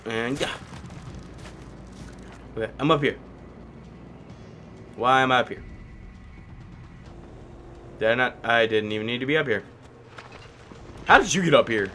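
A man's voice: mid-range voice, measured pace, long pauses, bright, forceful tone, slight background noise. A man casually commenting on his own gameplay as a video host, rambling and talking to himself, with a cracky voice that breaks now and then. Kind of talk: casual let's-play commentary.

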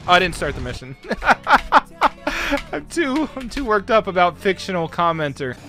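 High, lively-voiced laughing streamer guy. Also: a little slow, faint music behind. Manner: laughs constantly, swears freely, excitable outbursts. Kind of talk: casual gameplay commentary.

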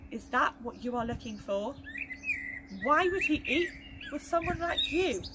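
A woman with a high voice tells a rhyming Bible story to young children, taking each line slowly and gently. Her delivery stays expressive and warm-paced for little listeners. Loud noise and birdsong sit behind the voice.

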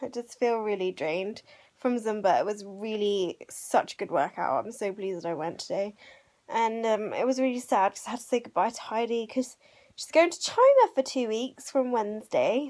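A woman's voice: mid-range voice, darkish tone. Young woman vlogging, tired and out of breath, chatty and bubbly, voice bouncing up and down a lot. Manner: chatty and bubbly, laughs often. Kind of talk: casual daily vlog chat.

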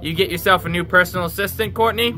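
A man's voice: high voice, fairly even intonation, quick pace, over music, pitched above the performer's own voice, natural voice. A man voicing a skeptical prodding companion. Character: questioning, skeptical companion Lucy.

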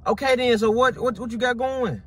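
A man's voice: very high voice, a little fast. A young man, talking casually in a car, repeating himself as he scolds. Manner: repeats himself, calm-down pleading then scolding. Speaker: prank target, boyfriend. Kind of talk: casual chat.

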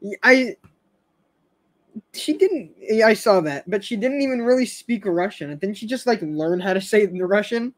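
A high-pitched young man chatting casually on a fan stream. He rambles, trips over his words and restarts sentences, laughing now and then as he goes. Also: normal speed. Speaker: show fan host.

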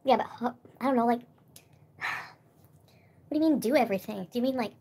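A woman's voice: a little high, normal speed, darkish tone, breathy edge. A young woman chatting on a livestream, giggly and rambling as she eats. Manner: giggly, rambling, talks while eating. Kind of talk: casual livestream chat.

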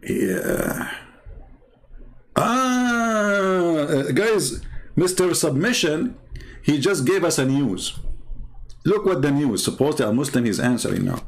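Male host, Arabic accent, native Arabic speaker, mocking and rambling livestream commentary, highly animated pitch. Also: slow, pauses often. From Middle East. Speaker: channel host and religion critic.

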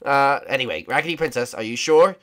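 A man playing a goofy, lovesick old wizard king who rambles and stumbles through his words. His pitch leaps all over the place, and his talk is full of ums and nervous restarts. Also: expressive, quick pace, fairly bright tone, close to an everyday voice. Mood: bumbling. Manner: rambling, hesitant, lots of ums. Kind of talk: voicing a character over gameplay.

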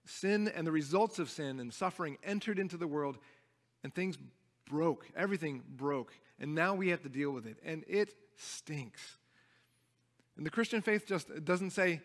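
A man's voice: on the high side, animated, moderate pace. A young adult man preaching a sermon as pastor, earnest and emphatic, often restarting his phrases. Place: church sanctuary. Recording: long reverb of a church hall.

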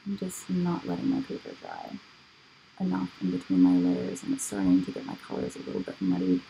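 A woman's voice: a bass voice, wildly swooping pitch, brisk, gravelly, dark tone, slight background noise, rough recording. A woman artist hosting a live painting stream, chatting casually and goofily to herself while she works.

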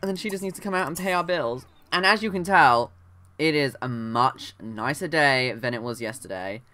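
Young adult, let's-play commentator; chatty, self-interrupting, addresses the game's characters, average pitch. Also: moderate pace, pushed and bright, dry recording. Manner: chatty, rambling, talks to game characters, often trails off. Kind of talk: casual gameplay commentary.

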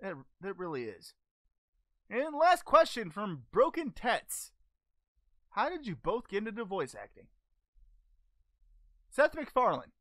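A woman's voice: mid-range voice, sing-song, takes it slowly, long pauses, fairly bright tone, dry recording, clean studio sound. A woman voicing a cheerful, naive male alien martial-arts hero, hosting an in-character fan Q&A in a goofy, easily distracted way with lots of hesitant ums. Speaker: channel host answering fan questions.

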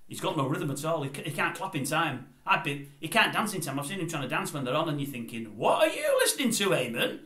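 A man's voice: on the high side, fast, few pauses, bright, forceful tone. An older man giving his opinions in a casual vlog, rambling and going off on tangents. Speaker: YouTube commentator. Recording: roomy echoey room.

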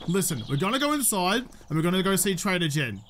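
A man's voice: sits high, sing-song, fast talker, fairly bright tone. An Australian man giving jokey, chatty let's-play commentary and talking to his in-game companion. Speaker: gaming YouTuber.

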